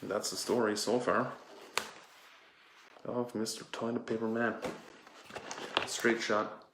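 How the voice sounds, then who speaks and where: A man's voice: on the low side, level tone, slow pace, background noise. A man rambling playfully while hosting an improvised comedy vlog at home. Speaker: comedy channel host. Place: home indoors. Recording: echoey room.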